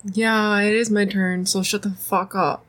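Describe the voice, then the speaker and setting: A woman's voice: mid-range voice, flat delivery, a little slow, a bit bright. A young woman co-hosting a podcast, reading fan fiction aloud and teasing her co-host with laughs and swearing. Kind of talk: casual podcast banter and read-aloud.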